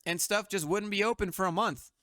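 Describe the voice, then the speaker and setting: Blunt, mocking man with a bright voice. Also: high-pitched, fairly quick, no room sound, clean studio sound. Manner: blunt and mocking, with frequent swearing. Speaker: host. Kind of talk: sarcastic meme commentary.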